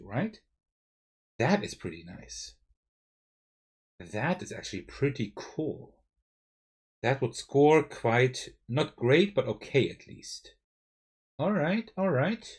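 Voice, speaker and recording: A man with a German accent, streaming live and thinking aloud through a card game, often checking with a quick "right?". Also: medium pitch, darkish tone, slightly rough. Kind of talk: live-stream gameplay commentary.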